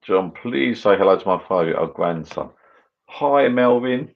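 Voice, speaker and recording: Over drinks in his garden bar shed at home, a middle-aged man hosts a casual live chat, rambling and mumbling through viewer comments. He speaks at a moderate pace in a deep, gravelly voice, and the audio is dull.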